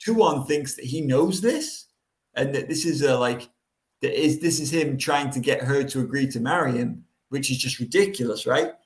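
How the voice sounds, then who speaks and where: Male co-host, mid-pitched, assured explainer, roomy sound. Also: moderate pace. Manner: explanatory, confident. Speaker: podcast co-host. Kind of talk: casual chat explaining a book.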